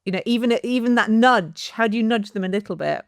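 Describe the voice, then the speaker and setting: A woman's voice: a little high, brisk, dry recording, studio quality. A woman hosting a podcast, chatty and self-deprecating, with frequent fillers and restarts. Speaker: podcast host. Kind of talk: casual interview chat.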